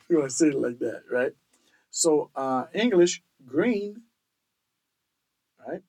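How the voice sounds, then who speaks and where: A man hosts a casual language-lesson podcast at an unhurried pace. His pitch moves around a lot as he says each word several times. He keeps asking "all right?" to check in with the listener. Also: lively intonation, a little mellow, rough recording. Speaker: podcast host teaching language.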